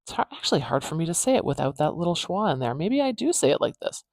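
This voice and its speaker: Woman, speech pathologist, casual phonetics lesson, some vocal fry, dry close sound. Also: low-pitched, very animated, a little mellow, no echo. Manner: repeats words slowly to demonstrate sounds.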